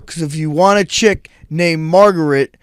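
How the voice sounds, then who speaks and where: A man's voice: a little high, moderate pace, clean tone, no room sound, studio quality. A man co-hosting a podcast in casual chat, joking crudely and laughing along. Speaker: podcast co-host.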